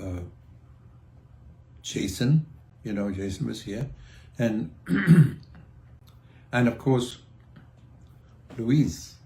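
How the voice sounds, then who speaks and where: An older man chatting in a casual video diary, halting and restarting often, clearing his throat as he tells fond stories about his family. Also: fairly low pitch, darkish tone. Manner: fond, reminiscing storyteller. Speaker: singer sharing a video message.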